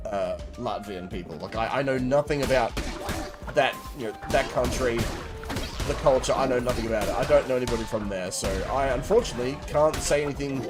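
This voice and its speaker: A man's voice: mid-range voice, fairly quick, music in the background. An Australian man in his thirties, hosting a game stream and chatting casually with viewers in a rambling, playful, teasing way. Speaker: livestream gamer host. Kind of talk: casual chat while gaming, reading viewer comments.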